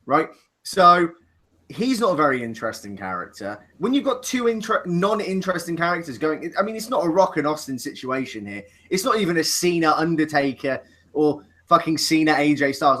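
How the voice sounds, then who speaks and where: A man in a casual chat who argues his opinions and cracks jokes. His voice sits fairly high and sounds bright. His delivery is lively and animated, and he stops and restarts his sentences as he goes. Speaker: podcast co-host.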